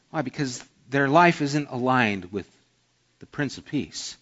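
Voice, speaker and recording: A man's voice: medium pitch, lively intonation, unhurried, fairly bright tone, highs cut off. A man preaching a sermon in an earnest, conversational way, illustrating with everyday stories. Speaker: pastor.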